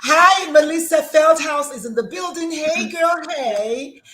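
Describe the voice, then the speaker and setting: Bubbly middle-aged woman, live podcast host, talks fast in loops and restarts. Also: sits high, a bit bright. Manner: bubbly and effusive, rambling with restarts. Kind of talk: casual live-stream chat.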